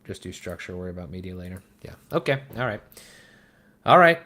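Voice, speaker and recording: Young male streamer with a lowish voice, muttering and rambling nervously as he works. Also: very animated, brisk, pushed and bright. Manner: rambling, self-deprecating, flustered muttering. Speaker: web design streamer. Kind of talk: live-stream commentary while working.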